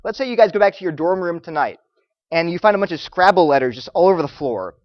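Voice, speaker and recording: A man lecturing students, telling stories in an animated way and acting out the voices of the people he quotes. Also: on the high side, fast talker, no room sound, dull audio. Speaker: Christian apologetics speaker.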